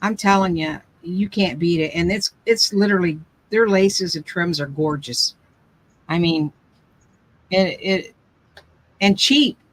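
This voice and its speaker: A woman's voice: fairly low pitch, unhurried, pauses often, rough recording. An older woman hosting a casual craft chat, telling rambling family stories with lots of restarts. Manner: chatty, rambling storyteller with frequent restarts. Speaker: craft live stream host.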